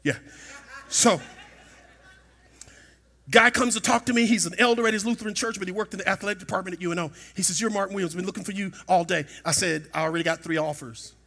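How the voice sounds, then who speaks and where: A middle-aged man preaching a sermon in a church, telling a personal story and rising to shouts at its peaks. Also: high-pitched, steady tone, quick pace, vocal fry. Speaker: pastor. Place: church sanctuary.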